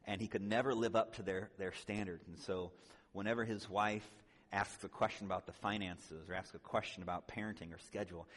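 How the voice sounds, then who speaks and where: At a church conference, an earnest man delivers a conversational sermon-style teaching, now and then taking on the voices of people he quotes. His voice is fairly low yet fairly bright in tone, fairly quick, with fairly even intonation. It echoes with a long reverb, as if in a large hall.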